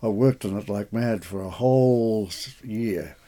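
A man's voice: on the low side, unhurried. Man recounting verse translation work. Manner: animated, recites verse aloud. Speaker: poet and translator. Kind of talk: conversational interview.

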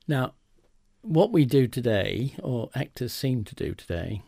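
An older theatre director talks thoughtfully in a radio interview and taps out rhythms with his voice as he explains. His voice is gravelly and mellow. The recording is close and dry. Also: mid-range voice, sing-song, measured pace, no echo. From trained in England. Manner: thoughtful, demonstrates rhythm aloud. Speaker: theatre director and actor, guest.

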